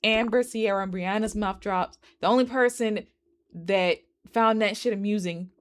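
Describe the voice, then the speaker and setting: A woman's voice: mid-range voice, normal speed, smooth. A woman casually recapping a movie, acting out the characters' lines and talking back to them. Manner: animated, acts out characters' lines in quoted voices; swears and talks back to the characters. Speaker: movie review vlogger.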